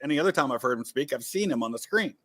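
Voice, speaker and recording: A man's voice: medium pitch, expressive, very fast, a bit bright. Guest, man from Ohio, casual chat, thoughtful and explanatory. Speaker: guest on a quiz.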